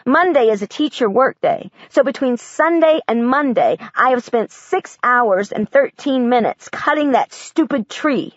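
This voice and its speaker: A woman reads a first-person audiobook with an earnest, matter-of-fact delivery and a lively, swinging pitch. The sound is dry and close, slightly dull. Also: measured pace, few pauses, dry recording. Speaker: audiobook narrator. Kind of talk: first-person audiobook narration as a young girl.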